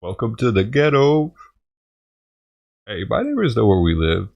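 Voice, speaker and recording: A man's voice: fairly low pitch, big pitch swings, measured pace, vocal fry, darkish tone, highs cut off. A man vlogging casually, agitated and profane, swearing and laughing as he rants about a neighbor. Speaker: vlogger feeding stray cats. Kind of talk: casual ranting vlog.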